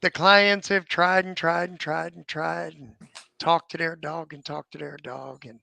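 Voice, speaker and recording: A man's voice: high-pitched, creaky, bright, forceful tone, no echo. A man hosting a casual online panel about dog training, easygoing and joking, on a video call.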